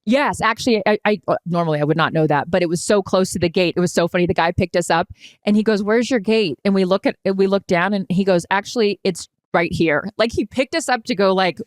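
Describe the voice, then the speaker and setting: Woman co-host, mid-pitch, dry close sound, animated storyteller who swears freely. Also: fast talker, no echo. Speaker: podcast co-host. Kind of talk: casual chat.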